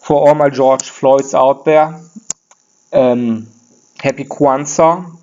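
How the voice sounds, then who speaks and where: A man's voice: medium pitch, fairly even intonation, slow, darkish tone, clear, resonant tone, dull audio, natural voice. A man voicing a crude, opinionated German man with a put-on German accent in an unscripted comic rant, profane and rambling with frequent restarts. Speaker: podcast host.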